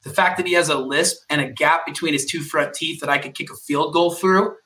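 Bright, punchy motivational man. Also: fairly high pitch, brisk. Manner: emphatic, punchy coaching delivery. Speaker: podcast co-host and mortgage coach. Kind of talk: motivational podcast talk.

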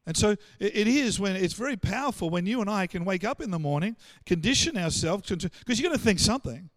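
An Australian pastor preaches a sermon in a high-pitched voice, talking fast and animatedly. He stammers and restarts often while acting out the voices of the people he quotes.

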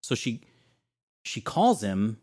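A man co-hosting a casual chat, joking and telling lively stories. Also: on the low side, takes it slowly, slightly rough. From California. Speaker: co-host.

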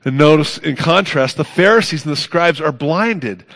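A man preaching a sermon as pastor, earnest, building to emphatic peaks and then dropping soft. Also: on the high side, expressive, normal speed.

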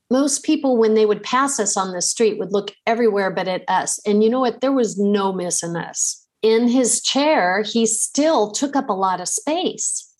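A middle-aged woman hosting a podcast, telling a personal story in a slow, conversational way with fillers. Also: medium pitch. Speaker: podcast host.

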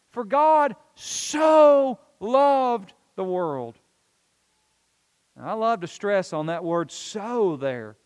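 A man's voice: high voice, clear, resonant tone, big-room sound. A male pastor preaching a sermon in an earnest, emphatic way, repeating key phrases.

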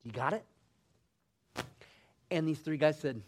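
A man preaching a sermon emphatically, asking the congregation rhetorical questions and rising to loud bursts. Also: on the high side, a little slow, long pauses.

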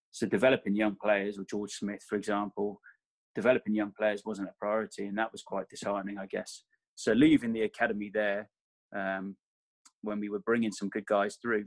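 Male coach guest, deep and even, rambles and self-corrects, dry close sound. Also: no echo. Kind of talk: casual interview chat.

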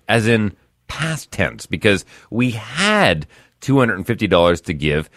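A man hosts morning radio with theatrical, joking delivery. His voice sits low but leaps around a great deal. The studio sound is dry and close. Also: sing-song, a little slow, a bit bright, no room sound. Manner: playful and theatrical. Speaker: radio morning show host.

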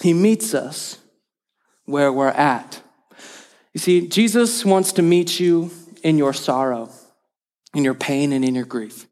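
A man's voice: a little high, animated, takes it slowly, pauses often, a little mellow. A male pastor preaching a sermon, earnest and repeating key phrases for emphasis, with light joking asides.

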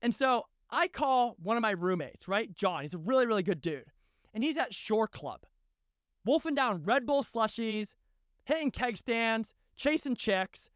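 A young man telling a personal story on his own show in a casual, slangy, animated way. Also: very high-pitched, a little slow, no echo, studio quality. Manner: animated, slangy, bro-ish delivery.

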